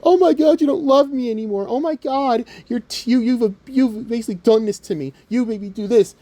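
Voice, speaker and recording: A man's voice: extremely high pitch, a little fast, dark tone, no echo, voice pushed up. A man mocking a clingy, whining fan. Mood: whiny. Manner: mocking, exaggerated whine. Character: whiny, clingy wounded fan, adult.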